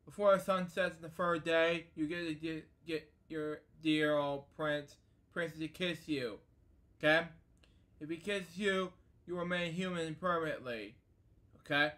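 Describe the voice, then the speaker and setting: A man's voice: a little high, steady tone, measured pace, fairly bright tone. A man reading as a scheming sea witch. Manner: coaxing, keeps asking "okay?". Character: scheming female sea witch making a bargain. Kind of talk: storybook read-aloud.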